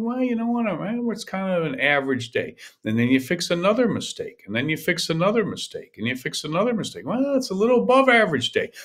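A man's voice: on the high side, fairly bright tone. An older man hosting a podcast, coaching in an emphatic, repetitive monologue that often restarts mid-sentence. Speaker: podcast host, golf coach.

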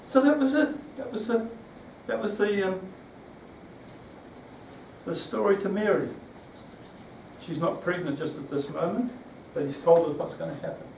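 New guy preaching, voice a bit high, keeps restarting and quizzing the crowd, roomy echo, faint hiss behind. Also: a little slow, vocal fry, long pauses, a little mellow. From New Zealand. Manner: rambling, with restarts and questions to the congregation. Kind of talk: sermon. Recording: echoey room, from far off.

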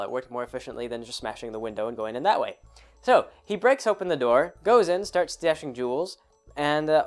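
A young man, host of his own show, casually and ramblingly retelling a tabletop game session with frequent restarts. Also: fairly high pitch. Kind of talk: casual storytelling.

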